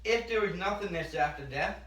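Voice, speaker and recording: Man with a bright, forceful voice. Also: high-pitched, lively intonation, fairly quick. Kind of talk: casual chat about faith. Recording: echoey room, mic at a distance, faint hiss.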